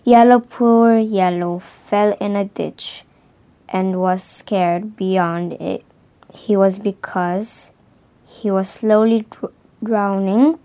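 A woman reading a children's storybook aloud, slowly and carefully, stumbling over and restarting some words. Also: mid-range voice, steady tone, dark tone. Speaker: reader.

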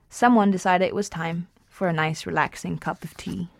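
A woman reading a novel aloud at an even pace, with small slips and restarts. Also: lowish voice, normal speed, gravelly, no echo, studio quality. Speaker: reader.

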